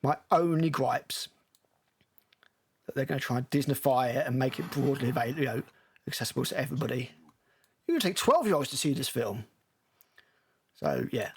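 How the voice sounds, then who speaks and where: A man's voice: mid-range voice, lively intonation, brisk, long pauses, husky. A male film critic giving blunt, sarcastic, profane commentary while reacting to a movie trailer.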